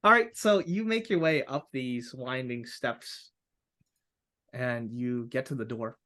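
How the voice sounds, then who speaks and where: A man's voice: mid-range voice, slow, pushed and bright. A man narrating a tabletop game as game master, describing scenes with frequent filler words.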